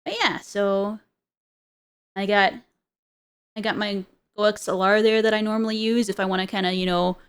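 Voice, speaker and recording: A woman's voice: mid-range voice, flat delivery, normal speed, long pauses, clean tone. A woman streamer in casual chat, rambling with many fillers and frequent giggles.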